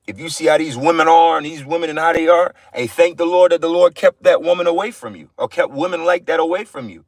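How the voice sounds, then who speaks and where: A man's voice: fairly high pitch, fast talker, dry recording. A man giving an informal livestream sermon, blunt and profane, repeating phrases for emphasis. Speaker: livestream preacher.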